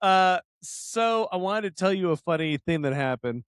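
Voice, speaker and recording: A man's voice: sits high, lively intonation, normal speed, clear, resonant tone, no echo. A man hosting a podcast, casual chat, telling rambling stories full of swearing and laughter. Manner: rambling storyteller, swears a lot, laughs often, mimics people. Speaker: podcast host.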